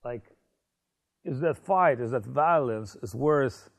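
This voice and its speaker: A man telling a story in a casual conversation, animated and full of fillers. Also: medium pitch, slow pace, gravelly. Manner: animated, many fillers and restarts, laughs. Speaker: spiritual speaker.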